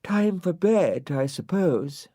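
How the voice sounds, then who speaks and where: A man voicing a sweet, sensible young girl in a storybook, gentle and soothing. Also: fairly high pitch, animated, slow pace, no echo, clean studio sound, voice pushed up.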